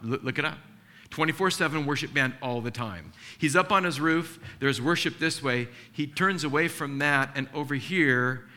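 Bright-voiced, earnest male pastor preaching. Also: medium pitch. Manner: animated storytelling, acting out dialogue; earnest and emotional. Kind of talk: sermon.

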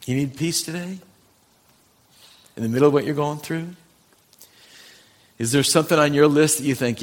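A man, a pastor, preaching a Sunday morning sermon, talking to his congregation and slowing down to read scripture with emphasis. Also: medium pitch. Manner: earnest, conversational preaching with slow emphatic scripture reading. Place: church sanctuary.

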